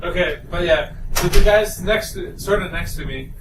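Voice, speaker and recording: A man's voice: sits high, normal speed. A man co-hosting a casual podcast, telling a rambling story and laughing often. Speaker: podcast co-host. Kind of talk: casual chat. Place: hotel room at a convention. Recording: echoey room, mic at a distance, noisy.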